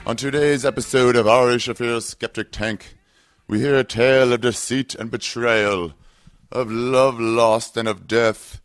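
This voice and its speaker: A man putting on the slow, ominous voice of a theatrical horror-film narrator for a podcast intro. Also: medium pitch, fairly even intonation, clear, resonant tone, no echo, pitched above the performer's own voice, natural voice.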